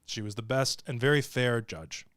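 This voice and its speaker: A smooth, clear-voiced man tells a long story to his livestream viewers. He jokes, swears freely and acts out the other people's lines, and the sound is dry and close. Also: medium pitch, normal speed, no room sound. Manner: animated, profane, joking. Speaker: show host.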